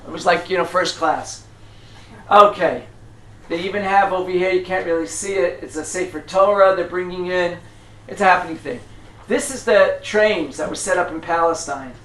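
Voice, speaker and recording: In an echoey room, a man whose voice sits high and a bit bright leads a small group through history as a tour guide, chatting freely, asking questions, and restarting often amid many fillers.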